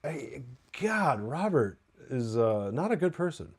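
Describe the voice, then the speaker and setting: A man hosting a live TV review show, recapping an episode in a loose, excited, profane way with lots of fillers. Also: mid-range voice, a little slow. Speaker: TV review podcast host.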